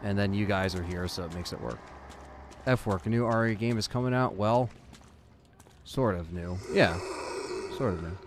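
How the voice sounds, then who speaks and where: A man's voice: fairly low pitch, moderate pace, long pauses. A man chatting casually with his viewers while playing a game, reading their comments aloud. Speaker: game streamer. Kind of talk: casual live stream chat while gaming. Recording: noisy stream with mouse clicks.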